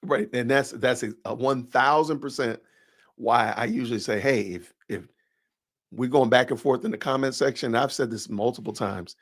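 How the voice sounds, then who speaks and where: Speaking at a normal speed in a mid-range voice, this Southern-accented man hosts a podcast livestream at studio quality with no room sound. He's chatty and rambling in casual talk, repeatedly doubling back on himself.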